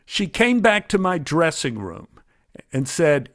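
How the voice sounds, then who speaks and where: A man in his sixties from Dallas, telling stories from his life in an animated, conversational way as an interview guest. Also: a little high, takes it slowly, dry recording, clean studio sound. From Dallas, Texas. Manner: animated, acts out remembered voices. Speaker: guest storyteller. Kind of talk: conversational storytelling.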